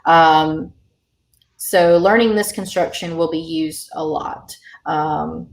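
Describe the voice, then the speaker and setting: A woman's voice: deep voice, slow, roomy sound. A woman teaching an online language lesson over a video call, explaining patiently with many fillers.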